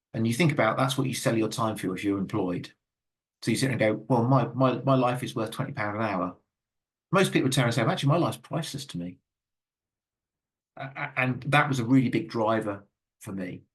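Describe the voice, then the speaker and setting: A man's voice: medium pitch, a bit bright. A middle-aged man giving an earnest talk with audience questions, full of fillers and stammered restarts. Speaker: guest speaker.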